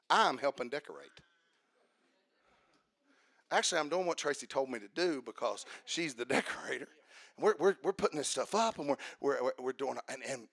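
A middle-aged man preaching a sermon. He swings from shouted, sing-song preaching to hushed, chatty storytelling. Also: a little high, gravelly, breathy edge, no room sound. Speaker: pastor.

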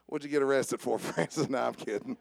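A man preaching a sermon. He jokes with the congregation and swings from soft asides to raised calls. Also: mid-range voice, fairly quick, vocal fry, no room sound, studio quality. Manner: joking with the congregation. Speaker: pastor. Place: church service with instrument behind.

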